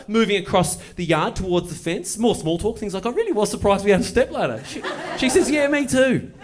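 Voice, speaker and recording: A male stand-up comedian. He tells a long story on stage with dry, deadpan timing and then climbs into excited bursts. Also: sits high. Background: audience laughter.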